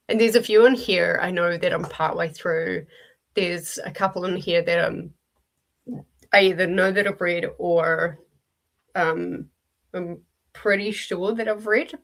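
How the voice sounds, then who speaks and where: A woman's voice: lowish voice, slow pace, creaky, pauses often, a bit bright. A woman with a New Zealand accent hosting a casual livestream, chatty and talking straight to her viewers with frequent ums, in her early-morning voice. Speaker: livestream host leading reading sprints.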